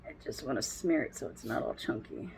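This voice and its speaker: Chatty woman with a gravelly voice. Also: extremely low pitch, expressive, brisk, darkish tone, a little hiss or hum. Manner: chatty, rambling, laughs often. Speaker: beauty vlogger. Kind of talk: casual get-ready-with-me chat. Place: at home.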